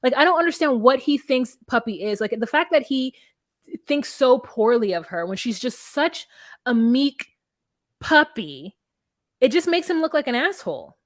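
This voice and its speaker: A woman's voice: sits high, big pitch swings, moderate pace, no room sound, studio quality. A young woman co-hosting a podcast, recapping a reality show in casual, candid chat and acting out people's lines. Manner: candid, profane, quotes people in voices. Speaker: podcast co-host.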